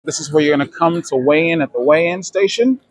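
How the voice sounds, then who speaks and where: Man, travel vlogger, casual supermarket walkthrough, chatty, explains prices, slightly high voice. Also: animated, fairly quick, no room sound. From United States. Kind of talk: casual grocery-store walkthrough. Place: supermarket, indoors.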